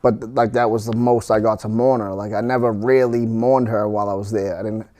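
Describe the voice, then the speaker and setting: A middle-aged man, a podcast guest, telling a painful personal story in a halting way, full of restarts and fillers. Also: lowish voice, steady tone, darkish tone.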